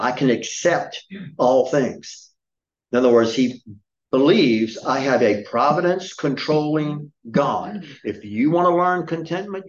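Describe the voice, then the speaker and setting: A man's voice: medium pitch, highs cut off. Emphatic middle-aged male pastor preaching. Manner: emphatic, scolding, full of rhetorical questions. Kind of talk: sermon. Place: church.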